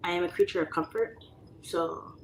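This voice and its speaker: A woman's voice: fairly low pitch, sing-song, moderate pace, vocal fry. Chatty woman in an echoey room. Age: 30s. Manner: chatty, laughs often, whispers asides. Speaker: livestream host. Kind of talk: casual chat reading viewer comments. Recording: echoey room with faint ambient noise.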